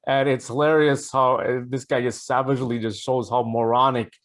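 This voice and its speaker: A man co-hosting a podcast, telling stories in a halting, hesitant way with many fillers. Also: medium pitch, level tone. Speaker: podcast co-host. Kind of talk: casual political chat.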